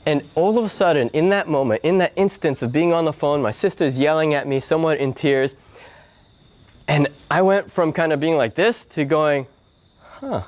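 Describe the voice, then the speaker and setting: This spiritual speaker's voice is fairly high, and he talks at a normal speed. Standing in a yoga hall, he animatedly tells a personal story and mimics his relatives' voices.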